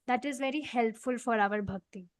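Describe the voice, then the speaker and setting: A woman's voice: a little high, normal speed, no echo. A woman leading a devotional scripture class, explaining earnestly with many fillers. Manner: earnest, explaining, frequent "you know" fillers. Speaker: study group leader.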